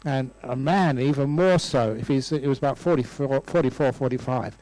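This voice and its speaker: This sixty-something Buddhist monk tells stories with playful voices and laughs during a humorous dharma talk in a lecture room. His pitch is medium, his tone darkish, and his pace normal. The poor-quality audio carries no echo.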